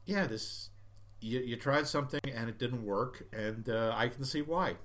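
A man's voice: medium pitch, moderate pace, a bit bright. A man in casual chat, reviewing a film with sarcastic, dismissive remarks.

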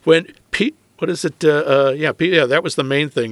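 A man with a slightly high voice co-hosts a podcast and talks casually about a movie. He is wry and animated, with frequent laughter. The recording is dry and close-miked. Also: moderate pace, no echo. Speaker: podcast co-host. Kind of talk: casual movie review chat.

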